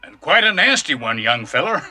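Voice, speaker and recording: A folksy, gentle old adviser. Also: male voice, fairly high pitch, sing-song, normal speed, full character voice. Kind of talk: 1970s comedy film acting. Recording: noisy film clip.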